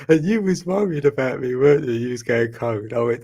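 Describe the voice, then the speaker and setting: Husky-voiced guy chatting on a live stream. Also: medium pitch, normal speed, long pauses, darkish tone. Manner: laughs often, chatty and teasing. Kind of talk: casual live stream chat with viewers.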